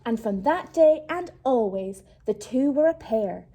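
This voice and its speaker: A woman reading a rhyming picture book aloud to children, slow and expressive, hushing her voice at tense moments. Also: a little high. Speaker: storyteller.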